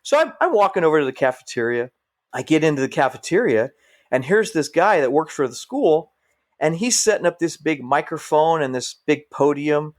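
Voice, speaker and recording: His voice sits on the high side and moves at a moderate pace as this middle-aged firefighter, a podcast guest, tells casual stories. He brings them to life by imitating the people he quotes.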